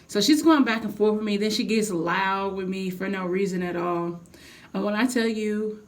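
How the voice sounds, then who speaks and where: Animated, profane woman venting a story. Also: medium pitch, normal speed. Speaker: vlogger. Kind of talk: casual storytime vlog.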